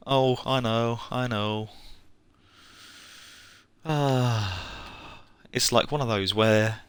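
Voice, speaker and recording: A man's voice: medium pitch, steady tone, very slow, clean tone, no echo. A young English man streaming a game, chatting casually in a rambling way with frequent chuckles and fillers. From England. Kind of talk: casual live-stream chat while playing.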